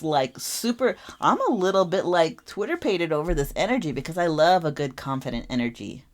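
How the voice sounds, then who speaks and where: A young adult woman giving a casual tarot reading, talking animatedly and repeating phrases for emphasis. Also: sits low. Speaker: tarot reader.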